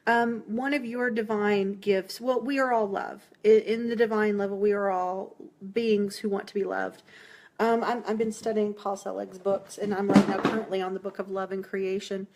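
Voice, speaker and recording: Woman doing a tarot reading on a live stream, chatty n reassuring, laughs a lot, mid pitch. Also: little pitch movement, normal speed, a little mellow. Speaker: tarot reader.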